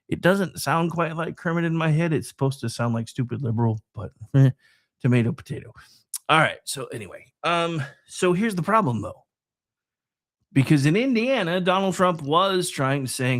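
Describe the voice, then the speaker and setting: A man hosting a political talk show, delivering a sarcastic, digressive commentary monologue that swings between loud and soft. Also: mid-range voice, lively intonation, moderate pace.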